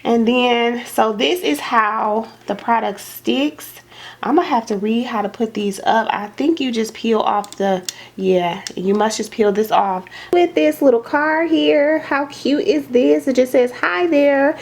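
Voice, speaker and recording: A young adult woman with a fairly high voice talks through an unboxing in her dining room. She gushes and gets excited easily, chatting casually to her viewers and calling them y'all. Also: a little slow, creaky. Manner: gushing, excitable, says y'all. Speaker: home decor vlogger.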